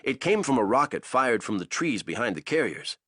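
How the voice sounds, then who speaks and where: A man narrating an action audiobook in a dramatic, expressive way. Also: medium pitch, moderate pace, dry recording, clean studio sound.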